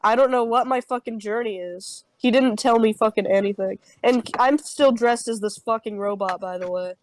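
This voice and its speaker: A woman's voice: a little high, normal speed, no echo, low-quality recording. A young woman telling an improvised comic campfire story on a podcast, rambling with heavy swearing and many fillers. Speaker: podcast co-host.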